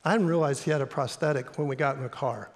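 A middle-aged pastor with a Midwestern accent, telling a story in a sermon in an earnest, halting way with fillers. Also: male voice, mid-range voice. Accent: American Midwestern. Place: church sanctuary. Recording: long hall reverb in a church.

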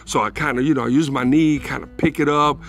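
A man telling a rambling, profane personal anecdote in a casual, animated way. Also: medium pitch, quick pace. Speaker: storyteller.

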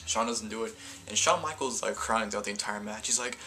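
A man's voice: on the low side, fairly even intonation, fast, bright, forceful tone. A man casually reviewing a wrestling event in a video, rambling and often correcting himself mid-sentence. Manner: rambling, stumbling, self-correcting.

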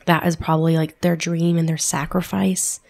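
A woman's voice: low voice, little pitch movement, moderate pace, creaky, darkish tone. A woman, a missionary guest in an interview, speaking in a reflective, hesitant way. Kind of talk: conversational interview.

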